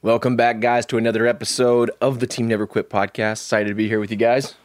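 A man's voice: medium pitch, little pitch movement, fast, dry recording. A man hosting a podcast, making friendly, upbeat introductions. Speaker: podcast host. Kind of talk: casual podcast chat.

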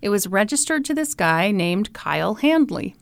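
A woman's voice: mid-range voice, normal speed, vocal fry, no echo. A woman from Kansas City tells a story as a podcast co-host, her voice rising and falling with a lot of life. She jokes along the way and slips into playful voices for the people in it. The sound is close and dry. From Kansas City, Missouri. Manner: animated, jokey, quotes people in playful voices. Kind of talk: casual storytelling chat.

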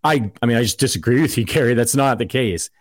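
A man's voice: mid-range voice, quick pace, dry recording, clean studio sound. Argumentative male sports podcast host. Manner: conversational, rambling, argumentative. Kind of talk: casual sports chat.

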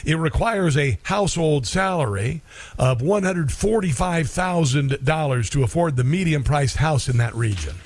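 A man's voice: on the high side, expressive, moderate pace. A middle-aged man hosting talk radio in a rambling, folksy monologue full of fillers.

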